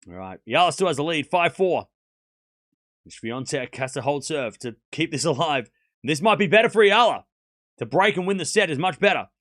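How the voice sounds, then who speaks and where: Excitable man calling tennis for his chat. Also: on the high side, normal speed, no echo, studio quality. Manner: excited call-outs of play, then chatty asides to chat; teasing, mock-comforting viewers. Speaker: streamer commentating a tennis match. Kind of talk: live watchalong commentary.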